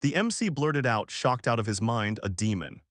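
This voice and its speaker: Brief: male recap narrator, animated swings in pitch, dry close sound, slangy punchy delivery. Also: dry recording. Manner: punchy, slangy retelling with quick restarts. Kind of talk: casual story recap narration.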